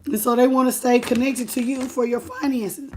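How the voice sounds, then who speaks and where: Animated woman doing a tarot reading. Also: high voice, moderate pace, a little hiss or hum. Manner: animated, talks straight to the viewer and greets chat by name; repeats phrases for emphasis. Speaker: tarot reader.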